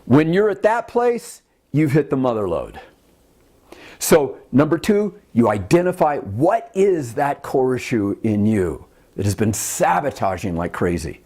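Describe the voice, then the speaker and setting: Animated, earnest self-help teacher in their fifties. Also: medium pitch, measured pace. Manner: earnest, emphatic, asks the listener questions. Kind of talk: motivational teaching talk to camera.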